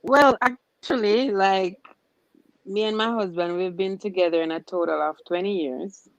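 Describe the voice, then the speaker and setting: Relaxed woman on a dry, muffled call. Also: medium pitch, moderate pace, no echo. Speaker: guest. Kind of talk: casual chat on a video call.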